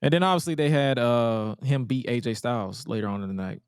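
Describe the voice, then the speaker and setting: A man's voice: mid-range voice, expressive, fairly quick, clean tone, no echo, clean studio sound. A man hosting a casual wrestling podcast, talking bluntly and jokingly with plenty of swearing. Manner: blunt, profane, jokey. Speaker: podcast host.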